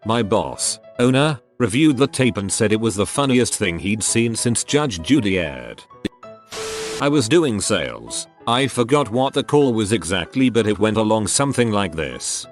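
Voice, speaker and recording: Low, lively male story narrator. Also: normal speed, soft background music. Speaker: narrator reading reddit stories. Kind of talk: scripted narration.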